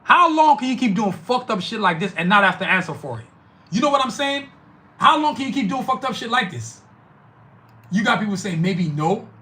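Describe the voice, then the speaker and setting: A fired-up man rants on his podcast, swearing hard and hammering his points. His voice sits high and bright and swings widely up and down as he pushes on. He breaks off now and then to answer his live chat. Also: lively intonation, fairly quick. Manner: profane, fired-up, emphatic. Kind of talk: heated political rant.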